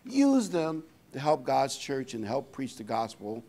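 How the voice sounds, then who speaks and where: Folksy older male preacher, lively pitch. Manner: folksy, conversational preaching with scripture reading; pauses often with fillers to find verses. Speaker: pastor. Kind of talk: sermon.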